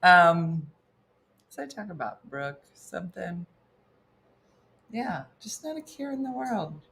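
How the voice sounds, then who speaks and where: A woman's voice: fairly low pitch, lively intonation, takes it slowly, gravelly, a bit bright, slight background noise. A middle-aged woman comedian hosting a casual morning cooking show, chatting wryly while she cooks and answering viewers' comments aloud. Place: home kitchen.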